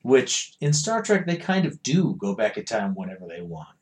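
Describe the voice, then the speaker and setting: A man co-hosting a casual podcast, profane and animated, acting out dialogue in quick bursts. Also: fairly low pitch. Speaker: podcast co-host.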